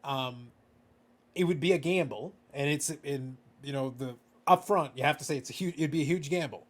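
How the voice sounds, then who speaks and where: A male podcast host chatting casually, animated and playful, often repeating words as he starts a thought. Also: on the high side, normal speed. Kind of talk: casual conversation.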